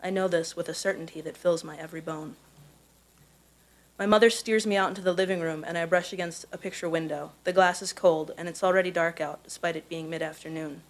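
A woman from Missouri reading her own personal essay aloud at a live event, in a measured storytelling voice. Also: on the low side, fairly even intonation, low-quality recording. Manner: measured, careful storytelling delivery. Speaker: contest winner reading her own prose.

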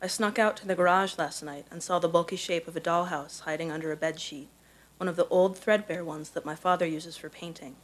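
A woman with a somewhat low voice reads her personal essay aloud at a live event. She tells it carefully and evenly, letting the prose carry it. She grew up in Missouri. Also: steady tone, poor audio. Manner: measured, careful storytelling delivery. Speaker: contest winner reading her own prose.

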